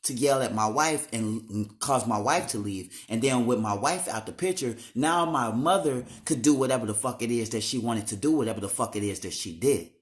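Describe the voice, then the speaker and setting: A man's voice: mid-range voice, a little fast, few pauses. A young man talking straight to the camera in a raw, emotional monologue, slangy and full of swearing.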